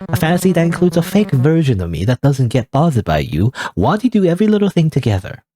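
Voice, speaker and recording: A man's voice: fairly high pitch, sing-song, quick pace, mellow, no echo, faint music behind, pitched above the performer's own voice. A man reading game dialogue aloud as a young girlfriend who is defensive and weary and wants space. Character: young woman, guarded girlfriend wanting space.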